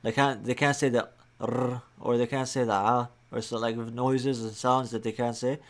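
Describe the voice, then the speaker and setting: A man with a mid-range voice chats through his reactions in a relaxed, casual way. He fills his talk with "like" as he weighs each round. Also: medium pitch, normal speed. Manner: relaxed, chatty, many "like" fillers. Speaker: reaction channel host. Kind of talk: casual commentary.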